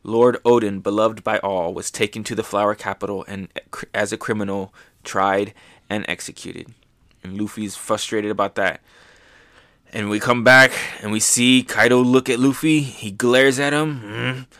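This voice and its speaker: Host, male, low voice, dry close sound, excitable manga recap. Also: normal speed, dry recording. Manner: excited, often dropping soft. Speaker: podcast host.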